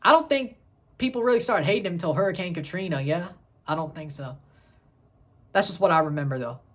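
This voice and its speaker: A woman in her thirties hosting a casual sports review vlog, excitable and rambling, correcting herself as she goes. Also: lowish voice, brisk. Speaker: sports channel host.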